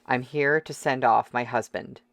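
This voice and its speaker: A reader voicing a fierce, defiant young woman who swears coarsely and shouts in a shrill voice, in an audiobook. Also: steady tone, a little slow, no room sound, clean studio sound. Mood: solemn.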